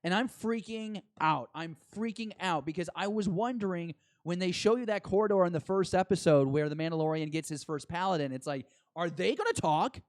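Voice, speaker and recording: A man co-hosting a podcast, chatting excitedly and rambling as an eager fan. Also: sits high, brisk, hardly any pauses, no room sound, clean studio sound. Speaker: podcast co-host. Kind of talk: casual chat.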